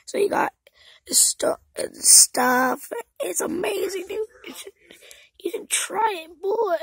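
A female vlogger talking casually to camera in a loose, rambling way. She often drops into a whisper, and her voice is very high with a gravelly, creaky texture. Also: animated, slow, fairly bright tone, rough recording.

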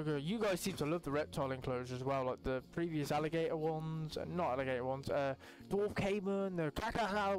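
Casual and excitable, this young man narrates gameplay as a channel host, frequently cursing and letting out high-pitched yelps.

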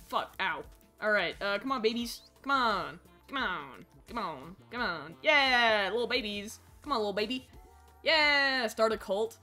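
A woman streaming a survival game live, chatting with viewers and yelling at the game, swinging from low mumbles to shrieks. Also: animated, unhurried, faint music behind.

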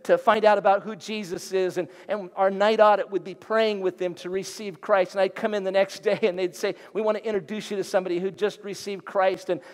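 A middle-aged man, a guest pastor, preaching an animated storytelling sermon in a church. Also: sits high, a little fast, hardly any pauses. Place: church sanctuary. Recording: long hall reverb.

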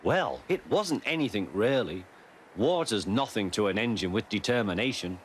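A man voicing a small, cheeky, boastful young engine in a storybook tale, with a raised, excited voice. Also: lowish voice, normal speed, slight background noise, close to an everyday voice. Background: background music.

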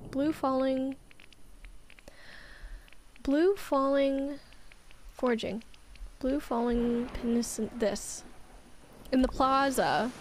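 A young woman livestreaming a game, with a high, light voice and an unhurried, drawn-out delivery. She giggles often and chats loosely with her viewers as she plays. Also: slight background noise. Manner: giggly, chatty, reads out and answers chat. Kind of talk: casual gameplay chat with viewers.

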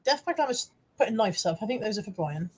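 A woman talks casually to her live-stream viewers, reading out their comments. Her voice is a little husky and sits at a middling pitch. She sounds self-deprecating and swears easily. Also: expressive, fast talker. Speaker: eBay reseller hosting a live stream.

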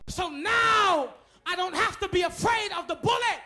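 Very high-voiced man preaching loudly. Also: moderate pace, faint music behind. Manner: shouting, repeated declarations. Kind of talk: impassioned sermon. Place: church.

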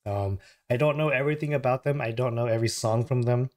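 A hoarse man hosts his reaction channel in an easy, casual chat, his voice still worn from an illness. He rambles and corrects himself mid-sentence and apologizes along the way. He speaks at an ordinary middle pitch, recording at home while the house sleeps. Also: fast talker, darkish tone.

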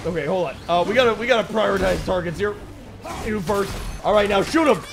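A young man giving joking, excitable let's play commentary, talking back to the game characters. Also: sits high, fast talker, creaky, noisy background. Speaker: gaming YouTuber.

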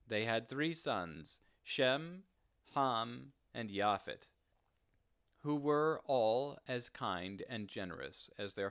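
A man reading a story aloud in a slow, deliberate, gentle telling. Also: mid-range voice, clean tone. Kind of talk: read-aloud story narration.

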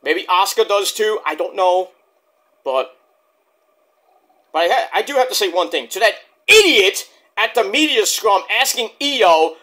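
A man's voice: high-pitched, expressive, unhurried, pauses often, pushed and bright. A man reviewing a wrestling show in a heated, profane, rambling rant.

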